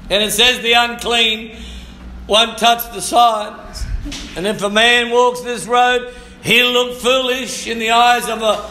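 High, bright-voiced preaching man. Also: echoey room, a little hiss or hum. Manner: fervent preaching, repeats phrases, bursts into shouts and snatches of song. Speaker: pastor. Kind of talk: sermon.

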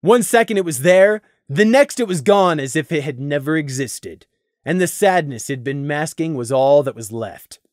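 A man narrating a story in an expressive, animated read, recorded close to the mic. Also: on the high side, normal speed, dry recording. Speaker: audiobook narrator.

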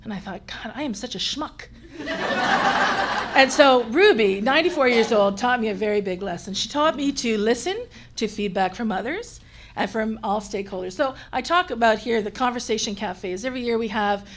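A woman from Canada, a care home administrator, telling a story on a panel in a lively, self-mocking way. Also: a little high, brisk.

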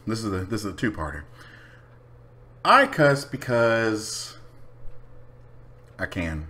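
Blunt, swearing man with a lively voice. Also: fairly low pitch, slow, pauses often. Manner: blunt, profane, unapologetic. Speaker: vlogger. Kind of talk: casual rant to camera.

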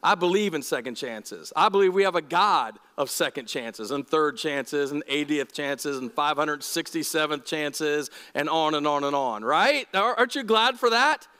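High-voiced male pastor in an echoey hall. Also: moderate pace, few pauses, smooth. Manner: conversational, animated, asks the congregation questions. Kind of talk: sermon. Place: church.

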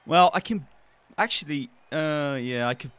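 Man, casual gamer, bright and animated, laughs a lot and talks through his plays. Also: a little high, a little slow, smooth, no echo. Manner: chuckling, muttering his moves aloud. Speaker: gamer playing against a friend. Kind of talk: casual gameplay chat.

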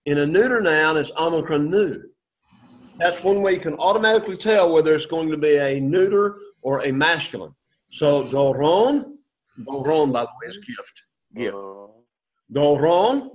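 A man leads a classroom Greek lesson, saying each word and having the class echo it back. His voice sits fairly high for a man, and he comes across as patient. The recording is dull and lo-fi, like a basic classroom recorder. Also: lively intonation, moderate pace. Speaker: Greek teacher. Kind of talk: classroom lesson with call-and-response drills.

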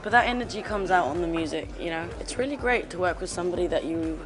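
A woman's voice: on the low side, lively intonation, fast. A young woman with an English accent, a talent show judge chatting in a casual interview and gushing through lots of fillers. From England. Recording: music and crowd behind.

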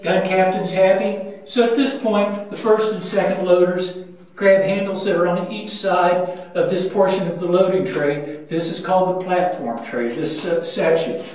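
An older man guides listeners through a battleship's gun turret, explaining each step methodically and pausing often on "uh". His fairly high voice booms around the hard steel walls. The mic sits some distance away, so he sounds roomy and remote. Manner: methodical, pauses with frequent "uh" fillers. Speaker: museum ship guide. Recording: booming metal-room echo, mic at a distance.

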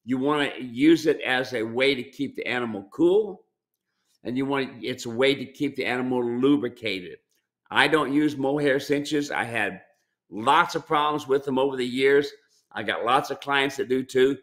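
Folksy middle-aged ranch owner, bright tense tone, chatty live Q&A. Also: male voice, medium pitch, moderate pace. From United States. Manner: folksy, repeats words, addresses "folks". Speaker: mule ranch owner and trainer. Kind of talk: casual live-stream Q&A.

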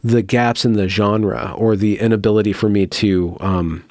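A man's voice: on the low side, fairly even intonation, normal speed, darkish tone, no room sound, clean studio sound. A man hosting an interview, reflecting casually and at length, correcting himself as he goes. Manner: reflective, rambling, self-correcting. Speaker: interview host. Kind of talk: casual conversation.

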